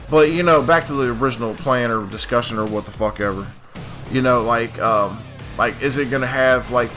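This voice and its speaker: A man's voice: medium pitch, sharp tone. A man ranting casually over gameplay as a gaming channel host, swearing constantly and rambling with lots of "like" and "dude". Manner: profane, rambling, frequent "like" and "dude". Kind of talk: casual gameplay commentary rant.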